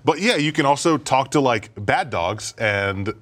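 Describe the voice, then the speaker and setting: A man's voice: mid-range voice, unhurried. A young man co-hosting a gaming podcast, swearing often and laughing as he tells game stories. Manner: swearing, laughing, animated storytelling. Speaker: podcast co-host. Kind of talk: casual chat.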